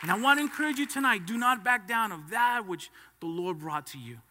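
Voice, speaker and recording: A man's voice: high voice, animated, fairly quick, a crowd in the background, background noise. A male pastor preaching a sermon, emphatic and stern, urging the congregation to answer back. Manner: emphatic, with call-and-response prompts to the congregation. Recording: long hall reverb.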